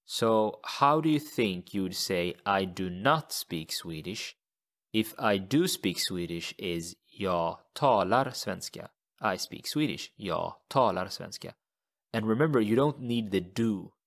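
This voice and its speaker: A man teaching a language lesson in a slow, deliberate way, repeating each example phrase. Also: lowish voice, animated, a bit bright.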